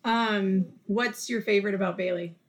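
A woman's voice: medium pitch, steady tone, moderate pace. Woman in her thirties, podcast host, teasing, playful questions, casual chat. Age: 30s.

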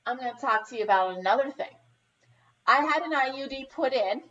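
Female co-host, 30s, higher voice, profane animated storyteller, dull recording. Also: a little fast. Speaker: podcast co-host. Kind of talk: casual chat.

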